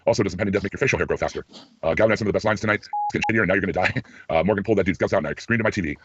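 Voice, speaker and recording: A man with a hoarse, scratchy throat, co-hosting a casual podcast and reading out listener ratings offhandedly. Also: deep voice. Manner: rapid, offhand reading with small laughs. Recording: muffled lo-fi recording.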